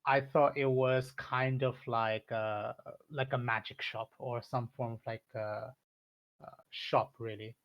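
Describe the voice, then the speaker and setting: A man's voice: medium pitch, steady tone, measured pace, highs cut off. A man playing a tabletop game, talking in a sheepish, apologetic way. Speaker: player. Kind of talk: casual tabletop game chat.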